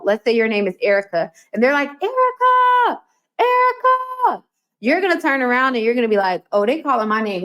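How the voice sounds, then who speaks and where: Chatty woman hosting a coaching podcast. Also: a little high. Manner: chatty, animated, acts out quotes, many "like"s. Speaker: podcast host. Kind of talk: solo business coaching podcast.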